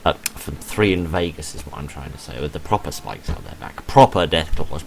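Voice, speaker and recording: A man with an extremely low, deep voice talks over his gameplay in loose, rambling commentary. He is tired and half asleep, drifting into self-mocking asides, and a faint hum of room noise sits behind him. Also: lively intonation, fairly quick, few pauses. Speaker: gaming video host.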